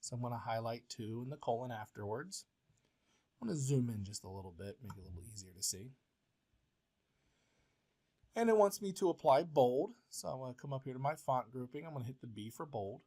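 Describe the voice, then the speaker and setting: Man giving a patient software walkthrough. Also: medium pitch, animated, a little fast. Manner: step-by-step, plain and patient, with frequent uh fillers. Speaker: professor.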